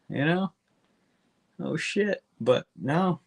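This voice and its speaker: A man co-hosting a podcast, rambling through a comic book recap with lots of swearing and quick character asides. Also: medium pitch, expressive, creaky. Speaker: podcast co-host.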